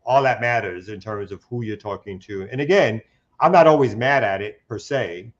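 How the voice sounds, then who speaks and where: A man's voice: fairly low pitch, moderate pace. A man co-hosting a casual talk show, speaking in a loose, slangy way with frequent restarts and asides. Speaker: co-host. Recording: dull lo-fi sound.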